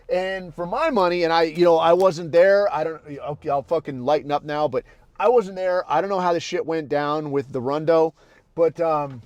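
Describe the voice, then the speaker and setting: High-pitched man ranting crudely. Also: moderate pace, no echo. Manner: crude, heated and blunt, swinging from low muttering to loud outbursts. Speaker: podcast host. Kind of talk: profane ranting monologue.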